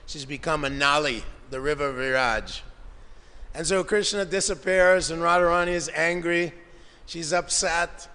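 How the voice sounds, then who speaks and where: A man with a bright, fairly high voice tells devotional scripture stories, voicing the quoted lines and dropping in Sanskrit terms. His tone is smooth and resonant, and his words ring out with a long reverb through a temple hall. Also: unhurried. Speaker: lecturer at a devotional gathering. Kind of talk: devotional storytelling lecture.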